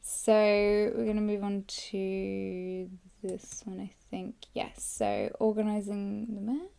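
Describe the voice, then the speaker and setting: A young woman hosting a podcast, hoarse and tired, rambling through a casual live journaling session close to the mic. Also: mid-range voice, expressive, slow pace, mellow. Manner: rambling, filler-heavy, self-deprecating. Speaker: podcast host. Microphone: close microphone.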